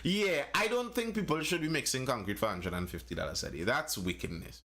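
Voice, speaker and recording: A man's voice: mid-range voice, lively intonation, fairly quick, bright, forceful tone. A man with a Trinidad and Tobago accent, co-hosting a casual live-stream chat and stating his opinions emphatically. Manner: emphatic, opinionated, repeats points. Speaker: co-host.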